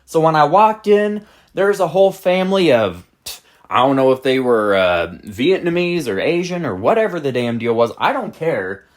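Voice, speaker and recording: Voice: mid-range voice, big pitch swings, moderate pace. A channel host telling a storytime rant in a blunt, exasperated manner with casual profanity.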